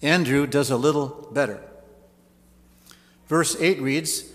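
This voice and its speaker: A man's voice: fairly high pitch, slow, pauses often, fairly bright tone, long reverb tail. A man preaching a sermon, telling stories with folksy asides. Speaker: pastor.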